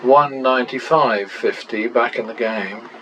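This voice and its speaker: Unhurried and deliberate, a male channel host with a medium-pitched voice plays practice casino bets, quietly keeping count and breaking in with dry remarks, a faint ambient hum underneath.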